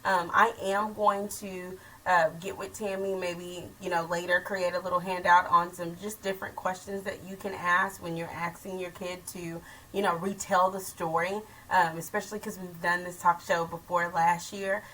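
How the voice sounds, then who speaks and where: A woman's voice: lowish voice, flat delivery, moderate pace, hardly any pauses, bright, forceful tone, far from the mic, slight background noise, low-quality recording. A woman hosting a casual school talk show for parents, chatty with many asides. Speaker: host.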